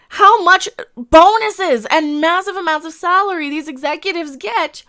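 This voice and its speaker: Bright high-voiced woman ranting angrily. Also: normal speed. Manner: angry, indignant, repeats herself; swears while ranting. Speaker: streamer host. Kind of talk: live-stream commentary rant.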